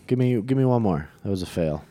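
A man's voice: fairly low pitch, lively intonation, quick pace, warm tone, no echo, clean studio sound. A man bantering in improvised comedy, playfully trying out silly accents.

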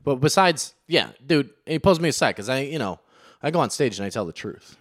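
A man co-hosting a casual comedy podcast, telling stories in a wry, deadpan way. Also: medium pitch, fairly quick, no room sound, clean studio sound. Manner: wry, deadpan storytelling with quoted asides. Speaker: podcast co-host.

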